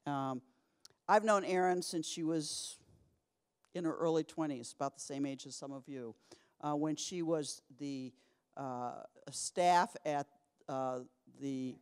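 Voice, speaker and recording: Higher-pitched man hosting in echoey hall. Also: slow pace, clean tone. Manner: warm, rambling, hesitant with uhs. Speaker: event host. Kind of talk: live introduction speech. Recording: echoey hall with long reverb.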